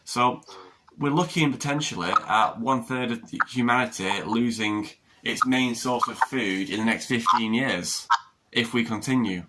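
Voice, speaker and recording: A man's voice: medium pitch, unhurried, heavy background noise. A man hosting a podcast, talking animatedly and spinning out long analogies. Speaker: podcast host. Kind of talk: casual conversation.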